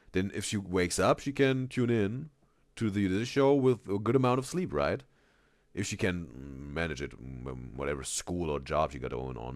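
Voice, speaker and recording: Male live streamer, low voice, animated, dry room; rambles and reads chat. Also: dry recording. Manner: rambling, repeats words, reads chat aloud. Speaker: reaction streamer.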